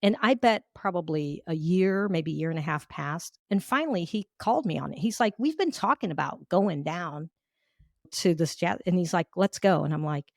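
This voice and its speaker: A woman leadership coach of Cuban heritage, a guest on an interview, telling personal stories in an animated way and acting out her own thoughts. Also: lowish voice, normal speed, gravelly, no room sound, clean studio sound. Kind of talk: storytelling in an interview.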